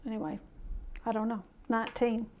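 A woman's voice: fairly high pitch, flat delivery, a little fast, a little mellow, slight background noise. A middle-aged woman preaching a conversational sermon, reading scripture aloud and asking the listeners questions.

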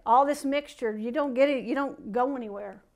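A woman with a high voice preaches a sermon. She reads scripture aloud, then drops into folksy, plain-spoken asides to her listeners. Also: normal speed.

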